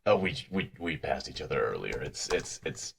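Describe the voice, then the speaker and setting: A man's voice: rumbling low, sing-song, moderate pace, gravelly, a bit bright, husky. A man playing at a tabletop game, talking casually and a bit hesitantly. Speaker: player.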